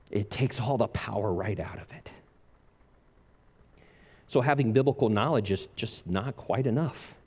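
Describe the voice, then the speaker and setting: A man preaching a sermon in an earnest, measured way, slowing down and dropping low on key phrases. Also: darkish tone.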